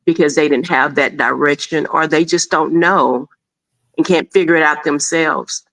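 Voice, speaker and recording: A woman's voice: sits low, moderate pace, fairly bright tone, rough recording. A middle-aged woman guest speaking in an encouraging, preacherly way about faith and respect. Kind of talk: casual chat.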